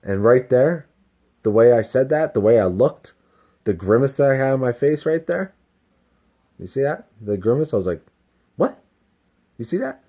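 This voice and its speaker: A delivery driver talking casually to camera, candid and self-reflective, rambling and swearing freely. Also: male voice, medium pitch, expressive, normal speed, long pauses, warm tone. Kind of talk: casual self-help vlog monologue.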